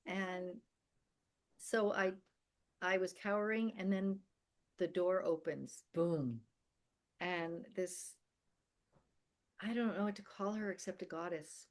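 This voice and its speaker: Older guest woman, low voice, candid storytelling, emphatic and vivid. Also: takes it slowly, pauses often. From America and the Philippines. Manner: vivid, emphatic storyteller who acts out quoted dialogue. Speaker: podcast guest.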